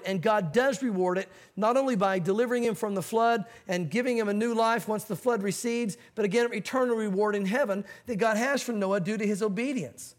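A man's voice: high voice, a little fast, few pauses. A male pastor preaching a sermon, telling a story with acted-out quotes and teaching from a Bible verse.

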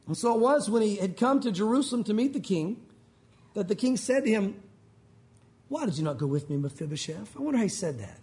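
A male pastor preaching a sermon, animated and folksy, with joking asides to the congregation. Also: high-pitched.

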